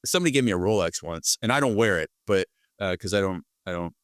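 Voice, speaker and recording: Man, podcast host, relaxed casual chat, low-pitched, dry close sound. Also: quick pace, clean tone, no room sound.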